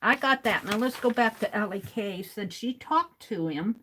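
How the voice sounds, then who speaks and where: A woman's voice: mid-range voice, lively intonation, moderate pace, a bit bright, a little hiss or hum. A woman hosting a livestream, reading viewers' comments aloud and chatting casually while she writes. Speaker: livestream host.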